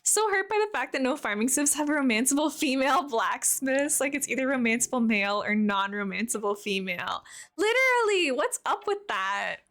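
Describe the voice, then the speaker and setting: Bubbly high-voiced young woman streamer. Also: expressive, brisk, hardly any pauses, a bit bright. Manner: bubbly, chatty, thanks and answers viewers. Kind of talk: casual live-stream chat while playing.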